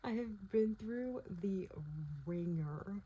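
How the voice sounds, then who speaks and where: A woman's voice: mid-range voice, slow pace, warm tone, breathy edge, dull audio. A young woman talking casually to her phone at home at night, worn out and teary, gushing emotionally about a book and swearing freely. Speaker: book vlogger. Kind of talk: casual vlog chat.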